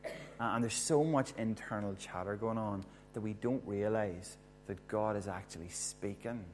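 A man's voice: fairly low pitch, normal speed, a little mellow, slight background noise. A man preaching a sermon, talking in a conversational way and putting questions to his listeners. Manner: conversational, asks the audience questions. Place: church hall with a screen.

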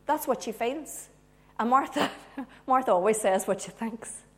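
Brief: woman preacher, fairly high voice, animated sermon, jokey asides, loud then hushed. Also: a little slow. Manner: animated, swinging from loud emphasis to hushed tones; humorous asides.

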